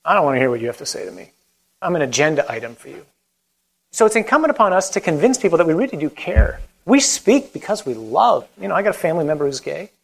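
Priest preaching, lively and chatty, voice sits a bit high, acts out little quotes. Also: male voice, vocal fry, rough recording. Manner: animated, conversational preaching with acted-out quotes. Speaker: Catholic priest. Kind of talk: talk on evangelization, then closing prayer.

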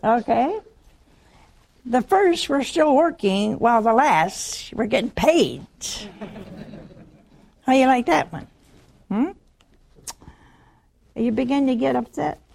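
A woman's voice: sits high, expressive, takes it slowly, vocal fry, long pauses, a little mellow. A woman preaching a sermon in a teasing, conversational way, acting out the stories she tells.

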